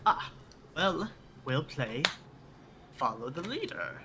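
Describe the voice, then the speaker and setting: A man with a very bright, sharp voice takes part in a tabletop game. He jokes and coaxes in character, in a playful way. A faint hiss sits behind him. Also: fairly high pitch, very animated, takes it slowly. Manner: playful, laughing, coaxing. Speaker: player. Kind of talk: in-character roleplay and table talk.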